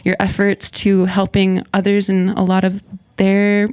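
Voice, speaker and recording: A woman in her twenties, a guest artist talking over her path in a relaxed interview, thoughtful and quick to laugh, her speech full of "like". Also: medium pitch, clean tone, dry recording. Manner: reflective, laughs often, many "like" fillers. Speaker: guest hip-hop artist. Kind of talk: casual interview conversation. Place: radio station interview studio.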